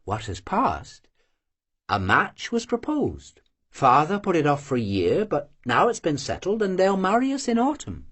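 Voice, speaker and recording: An audiobook reader voicing a proud, serious young Cossack woman who answers quietly and firmly. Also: medium pitch, wildly swooping pitch, unhurried, breathy edge, heavily acted. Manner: quiet, firm, curt replies. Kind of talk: audiobook character voice.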